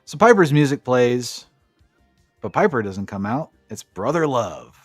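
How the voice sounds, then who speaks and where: A man's voice: mid-range voice, big pitch swings, measured pace, slightly rough, no echo, faint music behind. A man co-hosting a podcast, recapping wrestling matches in a casual, profane, enthusiastic play-by-play way. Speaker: podcast co-host.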